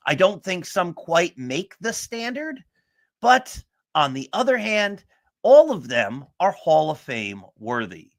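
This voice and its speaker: Man, sports show host, earnest, emphatic, slightly high voice, unhurried pace. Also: very animated, vocal fry. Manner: earnest, emphatic motivational delivery. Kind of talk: sports talk monologue.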